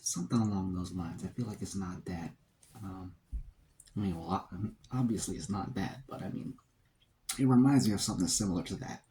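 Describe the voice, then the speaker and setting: A man's voice: sits low, fairly quick, dark tone, slight background noise, poor audio. A man vlogging a casual mukbang, rambling and talking to himself between bites.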